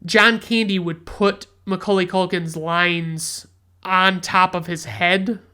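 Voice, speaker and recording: A man's voice: high voice, fairly even intonation, slow, sharp tone, smooth. Profane rambling podcast man. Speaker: podcast host, film reviewer. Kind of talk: casual movie recap.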